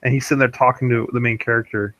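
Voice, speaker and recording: A man's voice: mid-range voice, fairly even intonation, racing, fairly bright tone, no room sound. A man co-hosting a podcast, rambling through a movie recap in casual chat. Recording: dull dry lo-fi sound.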